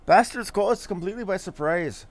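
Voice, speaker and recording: A man's voice: high voice, expressive, a little fast. A man voicing a grim male commander in a game, reading the stern, formal lines aloud. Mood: urgent. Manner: stern, formal, old-fashioned phrasing.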